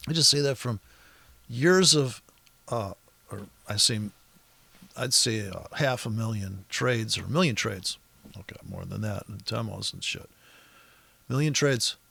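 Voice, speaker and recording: Gravelly, foul-mouthed man ranting. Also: on the low side, expressive, unhurried, long pauses, bright, forceful tone, no room sound. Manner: profane, exasperated, rambling with many restarts. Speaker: trading educator. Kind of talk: profane ranting chart walkthrough.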